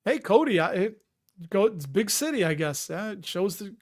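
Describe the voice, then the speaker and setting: A man's voice: high voice, expressive, normal speed, vocal fry. A man with a Chicago accent hosting a casual live stream, rambling and chatty and often laughing as he reads out viewer comments.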